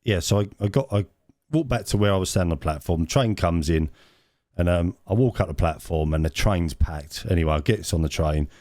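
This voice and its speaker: A man's voice: low-pitched, brisk, a little mellow, dry recording, clean studio sound. A man, co-hosting a podcast and telling a rambling anecdote with many restarts. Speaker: podcast co-host. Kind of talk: casual storytelling chat.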